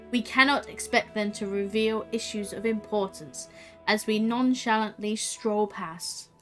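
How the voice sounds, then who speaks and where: A woman voicing a calm, wise sorceress, reading game dialogue aloud in a measured, formal way with old-fashioned phrasing. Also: on the high side.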